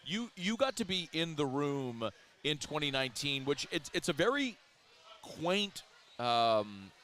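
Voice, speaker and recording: A man's voice: on the high side, sing-song, measured pace, a bit bright, a little hiss or hum. A man hosting sports talk radio in a casual way, chatty and asking long, winding questions.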